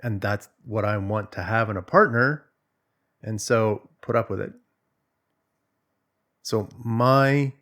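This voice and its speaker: A man's voice: fairly low pitch, fairly bright tone. A man working as a relationship coach, explaining in a loose, conversational way and telling stories with animation. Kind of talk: casual explanatory monologue.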